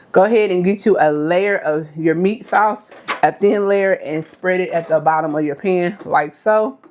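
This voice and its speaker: A woman, her voice sitting fairly low. She talks through a cooking demonstration in a loose, chatty way. She keeps checking in with her viewers. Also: darkish tone, a little hiss or hum. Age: 30s. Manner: chatty, addresses viewers as y'all, frequent okay. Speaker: cooking vlogger.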